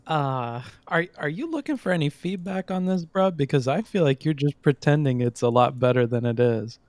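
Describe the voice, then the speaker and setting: A man's voice: fairly high pitch, expressive, normal speed, a little mellow, dry recording. Male caller, hesitant and questioning, dry close recording. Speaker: call-in guest. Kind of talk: casual voice chat.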